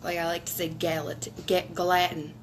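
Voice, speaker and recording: A woman's voice: lowish voice, little pitch movement, moderate pace, noisy background. A woman co-hosting a live online paranormal show, chatting casually and rambling with fillers. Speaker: co-host. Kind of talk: casual live-stream chat. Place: hot apartment.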